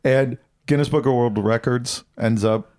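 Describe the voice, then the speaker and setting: A man's voice: mid-range voice, steady tone, normal speed, a little mellow. A man co-hosting a podcast, chatting casually and reading out odd news stories, laughing and stumbling over words. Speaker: podcast co-host.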